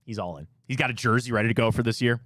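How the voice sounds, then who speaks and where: A man's voice: mid-range voice, racing, no echo, clean studio sound. A middle-aged man from Ohio with a Cleveland accent, hosting a sports talk show in joking, self-deprecating banter. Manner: animated, jokey, self-deprecating. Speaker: sports radio host.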